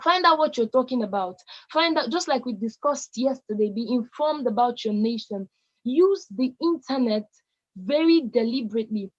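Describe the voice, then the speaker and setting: A young Nigerian woman in her late teens delivers a motivational speech with emphatic, repeated exhortations. Her voice sits high. The recording is muffled and lo-fi. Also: expressive, normal speed. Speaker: youth speaker.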